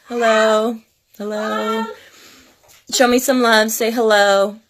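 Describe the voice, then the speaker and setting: A woman's voice: medium pitch, steady tone, measured pace, vocal fry, slight background noise. A woman vlogger in her thirties talking earnestly and tearfully about her children and family, pleading with parents. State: crying at times. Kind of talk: emotional personal vlog.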